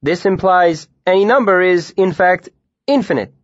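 A man's voice: high voice, moderate pace, dry recording, highs cut off, voice pushed up, lightly acted. A man voicing an earnest young male student with an odd foreign accent, explaining carefully.

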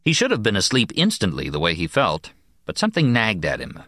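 A man reading a science fiction novel aloud as scripted narration, measured and slowing down for emphasis. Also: fairly low pitch, huge pitch swings, fairly bright tone, no room sound, studio quality. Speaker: audiobook narrator.

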